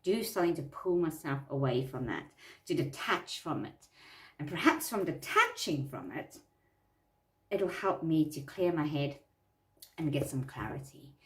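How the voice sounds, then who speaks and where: Lady self-help coach talking through steps, lowish voice, kinda far from the mic. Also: expressive, a little slow, fairly bright tone, reverberant. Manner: earnest, repeats phrases for emphasis.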